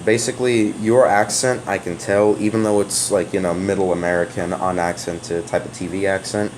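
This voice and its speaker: Man, lowish sonorous voice, casual off-camera explainer, halting and full of restarts. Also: little pitch movement, background noise. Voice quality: open, sonorous voice. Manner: rambling and hesitant, with many fillers and restarts. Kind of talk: casual spoken explanation to a viewer. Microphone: off-camera voice recording.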